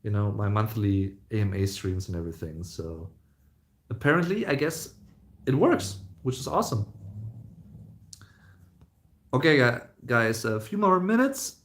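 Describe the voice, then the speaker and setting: A man's voice: fairly low pitch, animated, unhurried, pauses often. A young man, chatting casually on a live stream, rambling with lots of fillers and restarts. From Germany. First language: German.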